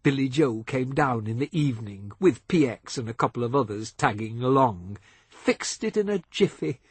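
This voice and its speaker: A man reading a novel aloud as audiobook narrator, measured and expressive, on a close studio mic. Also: medium pitch, slightly rough, dry recording.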